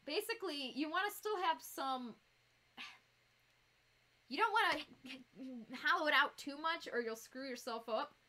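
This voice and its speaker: A woman with a Northern US accent chatting casually on a live stream while she builds a fursuit, bubbly and quick to giggle as she talks to her viewers. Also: high voice, lively intonation, bright, forceful tone. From United States.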